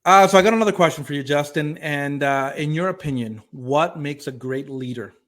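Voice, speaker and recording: A man's voice: a little high, fairly quick, fairly bright tone. Friendly male podcast host asking questions. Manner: affirming, lots of hums. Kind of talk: casual interview questions.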